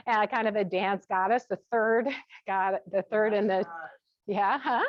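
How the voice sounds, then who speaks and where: A woman teaching a gentle yoga class, cueing each step with relaxed, chatty asides. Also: mid-range voice, takes it slowly. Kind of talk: guided yoga class instruction. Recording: dull, dry lo-fi sound.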